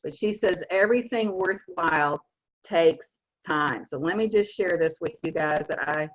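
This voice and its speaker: A woman in her sixties with a Southern accent, giving an earnest, emphatic motivational talk to her team on a video call. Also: fairly low pitch. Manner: earnest, emphatic, stresses key words slowly. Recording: muffled lo-fi video call audio.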